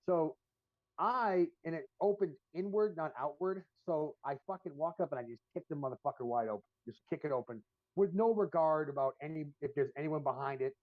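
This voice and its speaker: A man's voice: on the high side, fairly quick, dry recording. A man co-hosting a podcast, telling long, profane, rambling stories full of fillers in casual chat. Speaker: podcast co-host. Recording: dull lo-fi stream audio.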